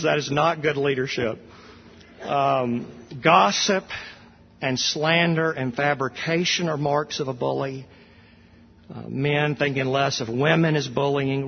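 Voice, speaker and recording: A man's voice: a little high, a little hiss or hum. A man preaching a sermon in a church during worship, talking conversationally and poking fun at himself, with many restarts. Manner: conversational, self-deprecating, with frequent restarts. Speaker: pastor. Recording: dull sound with long hall reverb.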